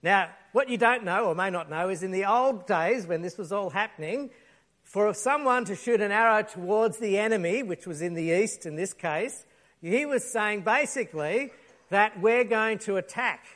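Guy preaching, fairly high voice, storytelling style, acts out the bits with props. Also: normal speed. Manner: lively storytelling with props and acted quotes. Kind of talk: sermon.

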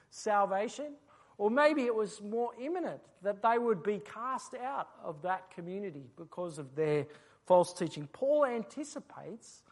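A preacher giving an expository sermon, explaining a passage and asking rhetorical questions. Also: mid-range voice.

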